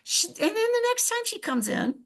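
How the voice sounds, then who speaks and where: A middle-aged woman, a veterinarian guest, telling animated stories in casual chat and often laughing. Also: very high voice, moderate pace. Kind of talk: casual storytelling.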